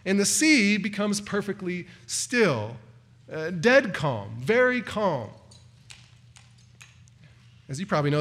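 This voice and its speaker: A man's voice: fairly high pitch, fairly bright tone. A man preaching an expository sermon, earnest, rising in emphasis on quoted cries, with occasional stumbles and restarts. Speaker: pastor.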